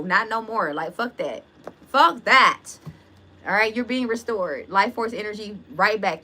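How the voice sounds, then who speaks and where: Bright-voiced woman giving blunt tarot readings. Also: mid-range voice, slight background noise. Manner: blunt, profane, laughing asides. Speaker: tarot reader.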